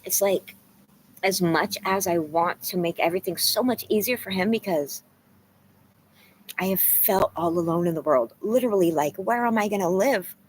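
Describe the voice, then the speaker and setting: A woman's voice: medium pitch, normal speed, a little hiss or hum, low-quality recording. Tearful, rambling woman in her forties. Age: 40s. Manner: tearful, rambling, candid, swears. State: crying. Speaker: vlogger. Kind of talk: emotional casual vlog talk, reading chat.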